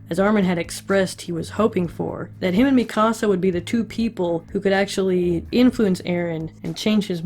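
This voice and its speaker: A woman's voice: lowish voice, a little mellow, a little hiss or hum. A woman chatting casually through an episode recap, with wry asides. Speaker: recap host.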